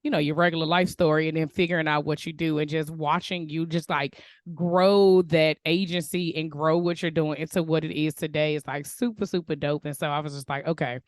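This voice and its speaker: Lively woman podcast host, dry sound. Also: low voice, brisk, hardly any pauses, dry recording. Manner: animated, laughs often, colloquial. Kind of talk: casual interview chat.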